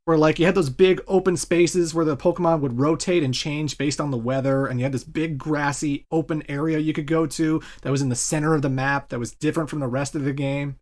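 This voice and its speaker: A man's voice: fairly high pitch, fairly even intonation, a little fast, few pauses, a little mellow. Enthusiastic man rambling about games. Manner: enthusiastic, rambling gamer talk. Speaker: podcast co-host. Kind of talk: casual chat.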